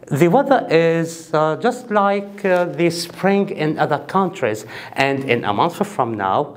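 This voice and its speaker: A man giving an English speaking-test tips lesson, explaining step by step with examples and frequent fillers. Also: fairly high pitch. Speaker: English teacher.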